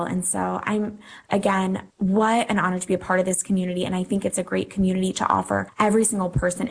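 A woman's voice: medium pitch, gravelly, poor audio. A woman who is a guest on a faith talk show, speaking earnestly and encouragingly.

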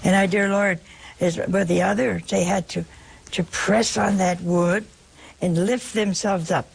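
A woman's voice: medium pitch, fairly even intonation, unhurried, vocal fry, husky. A woman giving a devotional sermon to an audience, telling the story emphatically, asking rhetorical questions and dropping at times to a whisper. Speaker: religious speaker.

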